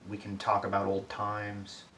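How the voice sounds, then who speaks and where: Guy doing luke as a tired old jedi hermit, kinda low, sarcastic, faint hiss behind. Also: monotone, unhurried, a bit bright. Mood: coaxing. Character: weary older male Jedi hermit. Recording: roomy echo, distant mic, faint hiss.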